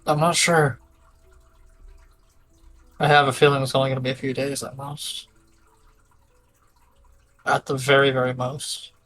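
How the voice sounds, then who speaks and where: A male player at a tabletop game, casual and blunt, tossing in offhand swearing. His voice sits at an ordinary middle pitch. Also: little pitch movement, unhurried, pauses often, a bit bright.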